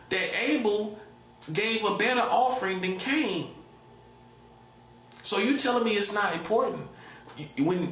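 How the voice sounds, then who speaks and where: Man preaching casually, street talk, repeats himself, bright forceful tone, echoey room, dull sound. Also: high-pitched, slight background noise. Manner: street-casual, repetitive, laughs at own jokes. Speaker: prophet. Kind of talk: informal preaching monologue.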